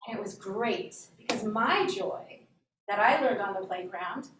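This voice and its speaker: A woman giving an earnest, animated inspirational talk as a guest speaker in a church hall. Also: medium pitch, unhurried. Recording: roomy echo from a distant mic, faint hum.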